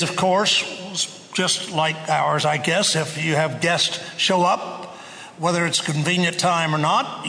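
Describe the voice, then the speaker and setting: A man preaching a sermon, telling the story in a slow, conversational way. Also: sits high, sharp tone, long reverb tail.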